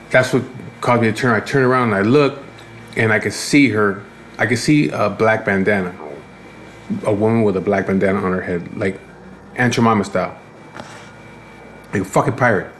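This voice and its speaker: With a fairly low pitch and a fairly bright tone, a vlogger talks at normal speed but leaves long pauses. He tells a casual, profane, rambling story about his day, sounding tired and fed up and restarting often, with slight background noise.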